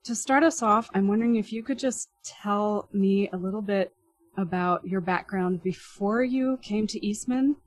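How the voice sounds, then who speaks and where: A middle-aged woman hosts a podcast conversation. She introduces her guest and asks questions in a careful, thoughtful way, pausing with the odd um and restart. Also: mid-range voice, no echo. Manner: warm, careful speech with fillers and restarts. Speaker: podcast co-host and interviewer. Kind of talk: podcast interview.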